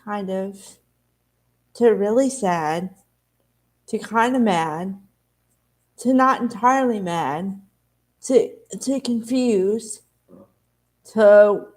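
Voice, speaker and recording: A woman's voice: medium pitch, drawn-out words, long pauses, darkish tone. A woman vlogger talking candidly and confessionally to her viewers in a rambling, casual way. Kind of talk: emotional casual talk to camera.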